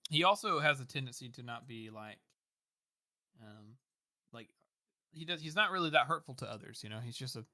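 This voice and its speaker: A man's voice: medium pitch, lively intonation, a little fast, pauses often, sharp tone, dry recording, studio quality. A man co-hosting a podcast, talking in a loose, rambling way full of "like" and "you know" and frequent laughter. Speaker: podcast co-host. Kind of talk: casual book discussion chat.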